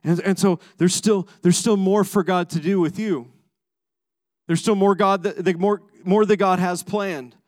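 A man preaching a sermon as pastor, emphatic, moving between raised passages and hushed low ones, often repeating words as he starts a sentence. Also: fairly even intonation, measured pace, no echo.

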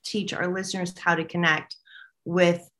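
A woman's voice: on the low side, flat delivery, moderate pace, a bit bright. A woman co-hosting a casual spiritual chat, relaying messages she hears and laughing often. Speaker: co-host and medium.

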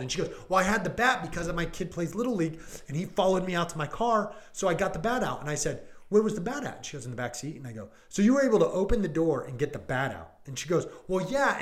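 A male police deputy, probably in his thirties, casually retelling a call with lots of "like" and "I go" and acting out what people said. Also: sits high. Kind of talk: casual storytelling in a podcast chat.

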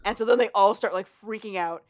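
A woman chatting casually with a friend, retelling a story and briefly quoting the characters in it. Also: medium pitch. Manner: casual, profane, acts out characters in quick quotes.

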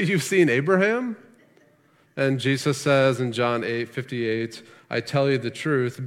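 A man's voice: mid-range voice, big-room sound. A man preaching a sermon as pastor, earnest and emphatic, asking rhetorical questions.

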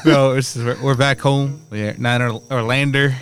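A man's voice: medium pitch, fairly even intonation, normal speed, a little hiss or hum. Crude storytelling man outdoors, crickets behind. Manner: storytelling, mock-quoting others, dark jokes. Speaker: podcast co-host. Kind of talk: casual chat. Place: outdoors at night.

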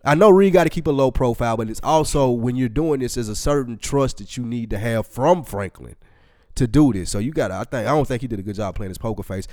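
A man's voice: medium pitch, animated, fast talker, a little mellow, no echo. Laid-back man, dry close sound. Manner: laid-back, slangy, retells scenes with quoted lines. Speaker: podcast co-host. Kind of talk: casual recap chat.

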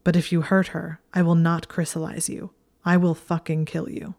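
A woman's voice: fairly low pitch, little pitch movement, moderate pace, creaky, darkish tone. A woman doing a snarling teenage boy wizard. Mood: angry. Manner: snarling, clipped. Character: brooding teenage boy wizard, hot-tempered.

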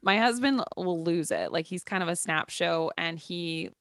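A woman's voice: lowish voice, animated, moderate pace, fairly bright tone, no echo. A young woman, mother of a little boy, rambling through a casual conversation with many fillers and restarts. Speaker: podcast co-host.

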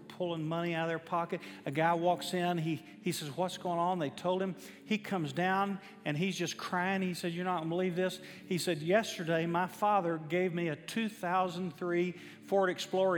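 A man, a pastor telling a story in a sermon, emphatic and building to fervent preaching. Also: high-pitched. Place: church sanctuary. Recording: reverberant church hall with faint music.

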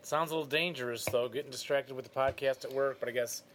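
A man's voice: mid-range voice, fairly even intonation, fast, a bit bright, a little hiss or hum. Dry, teasing male podcast co-host. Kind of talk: casual chat reading listener mail.

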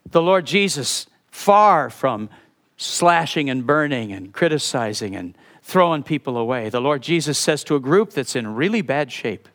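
A man preaching a sermon as pastor, animated, with sudden drops to a soft voice. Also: mid-range voice, normal speed.

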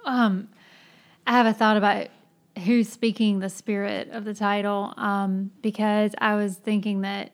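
A woman co-hosting a casual book discussion, making measured, analytical points. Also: medium pitch.

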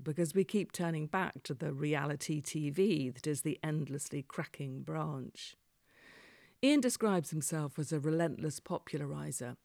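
A man reads a documentary voice-over in a measured, wry way. His voice is a touch high with a gravelly edge. The studio sound is dry and close. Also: darkish tone, no room sound. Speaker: documentary narrator. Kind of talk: scripted voice-over narration.

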